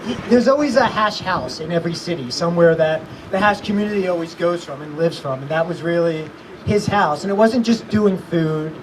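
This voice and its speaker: A man giving an earnest, halting tribute at a memorial. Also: fairly high pitch, expressive. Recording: distant mic in a noisy crowd.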